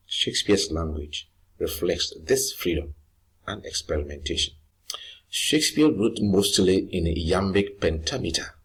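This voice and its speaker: A man teaching a lesson, explaining slowly and patiently, repeating points and restarting phrases. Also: low voice, breathy edge. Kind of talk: recorded lesson.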